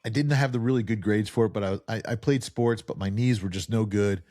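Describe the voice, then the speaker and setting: A man's voice: on the low side, brisk, warm tone, no echo, clean studio sound. A man hosting a podcast, chatting casually and telling jokey stories. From New Jersey. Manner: chatty, joking, storytelling. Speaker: podcast host. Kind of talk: casual interview chat.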